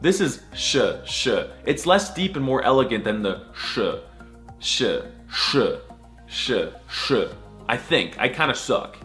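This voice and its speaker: A man's voice: mid-range voice, very animated, moderate pace, hardly any pauses, fairly bright tone, soft background music. A young man giving a jokey scripted voice-over lesson, sarcastic and crude with a mock-serious tone. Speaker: comedy language explainer.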